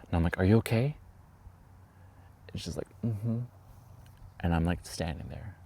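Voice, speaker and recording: A man, a teacher, telling a lively story from his classroom in a vlog and acting out the voices. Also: low-pitched, moderate pace, slight background noise. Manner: animated storyteller, acts out voices.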